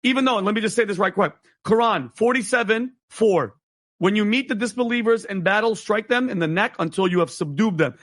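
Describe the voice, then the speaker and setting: A man with a high voice argues heatedly on a talk show. He talks fast and emphatically, restarting his sentences as he pushes his point. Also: a bit bright.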